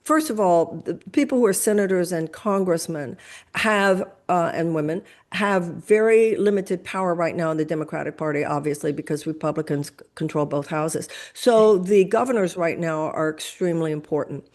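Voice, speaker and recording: Older woman, lower voice, impassioned lecturing talk. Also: normal speed, darkish tone. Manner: emphatic, lecturing, builds arguments with examples. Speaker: guest.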